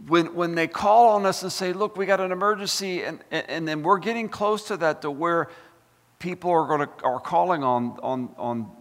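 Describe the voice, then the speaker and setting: A man preaching a sermon as pastor, fired up and animated, full of folksy asides and repeated words. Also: on the high side, moderate pace, in a large hall. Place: church sanctuary.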